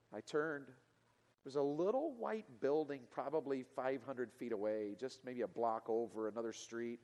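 Male preacher, mid-pitched, earnest sermon delivery swinging from loud peaks to hushed lines, recorded with long hall reverb. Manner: earnest, building to loud emotional peaks then dropping quiet. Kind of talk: sermon storytelling.

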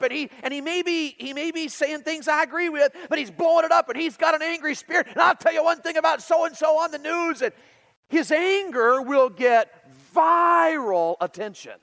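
A middle-aged man preaches with a notably high voice for a man, telling stories in an animated way. He moves between loud bursts and quiet, low passages. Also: gravelly, low-quality recording. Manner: animated storytelling with big swings in loudness. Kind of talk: sermon.

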